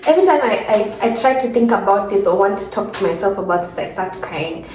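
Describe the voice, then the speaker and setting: A woman's voice: medium pitch, fast talker, a little mellow. Kenyan girl in her 20s doing a storytime vlog, chatty and rambly, kinda teary, echoey room with a faint hum behind. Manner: chatty, rambling with many fillers and restarts. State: emotional, close to tears. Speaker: vlogger. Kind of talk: casual sit-down storytime.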